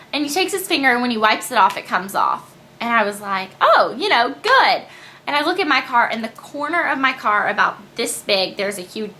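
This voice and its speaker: Young female vlogger, high crisp voice, casual storytelling to camera, lively asides. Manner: chatty and animated, quick asides and quoted voices. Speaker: beauty vlogger.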